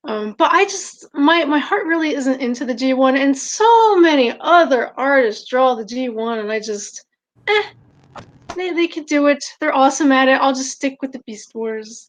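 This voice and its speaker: A woman's voice: high voice, animated, a little slow. A woman artist as a guest in a casual interview, chatty and giggly, often trailing off with a laugh. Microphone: video call. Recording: lo-fi video call audio.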